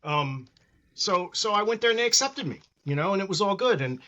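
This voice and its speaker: A man's voice: high-pitched, expressive, brisk, bright, forceful tone, dull audio. A middle-aged man speaking as a guest wrestling trainer in a casual interview, earnest and reflective, acting out the voices of people he quotes.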